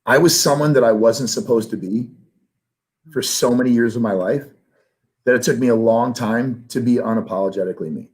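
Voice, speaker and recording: A man speaking as a guest in a candid interview, earnest and close to tears, his pitch climbing when feelings run high. His voice sits in an ordinary middle register. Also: brisk, a little mellow. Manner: earnest, emotional, rises in pitch when moved. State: emotional, near tears.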